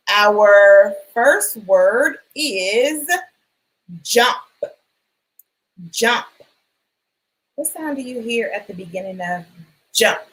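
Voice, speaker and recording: A woman teacher giving a phonics lesson for young children, sounding out letters and words clearly and encouraging them. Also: a little high, fairly bright tone, poor audio. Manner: encouraging, asks questions and waits.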